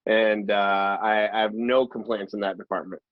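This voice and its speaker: A middle-aged man, an actor guest, telling lively anecdotes and acting out the people in them. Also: fairly low pitch, moderate pace, dry recording. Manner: lively storyteller who acts out the people in his stories. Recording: dry, slightly dull recording.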